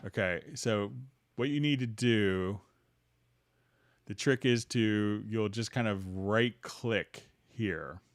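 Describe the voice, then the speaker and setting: A man hosting a livestream, walking viewers through music software and answering their questions in a loose, halting way with many restarts. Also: on the low side, no room sound. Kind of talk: casual screen-share tutorial, answering viewer questions.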